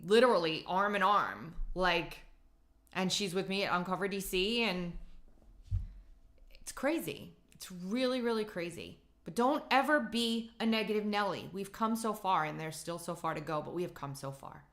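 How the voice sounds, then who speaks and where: A woman hosting a podcast, talking in an emphatic, animated way in a casual chat. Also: fairly low pitch, normal speed. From Italian heritage. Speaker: podcast host.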